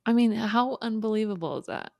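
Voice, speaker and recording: A woman telling her own story candidly in a podcast conversation, reflective and halting, often restarting her sentences. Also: a little high, gravelly, dark tone, no echo. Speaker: podcast guest.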